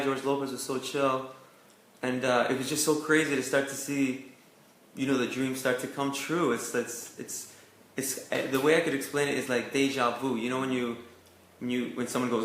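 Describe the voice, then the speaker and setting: Young canadian guy chatting about acting, says like a lot, kinda flat voice, roomy echo. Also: medium pitch, moderate pace. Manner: chatty, lots of "like" and "you know" fillers. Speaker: actor being interviewed. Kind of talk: casual interview storytelling. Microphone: video call.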